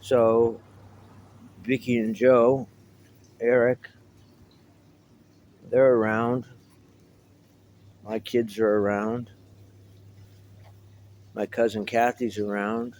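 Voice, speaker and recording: A middle-aged man rambles through a casual monologue to the camera, drifting between thoughts with wry little asides. His voice sits at an ordinary middle pitch. A faint hiss runs underneath. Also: little pitch movement, very slow, long pauses, a little mellow, low-quality recording. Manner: meandering, reminiscing, wry asides. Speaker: vlogger.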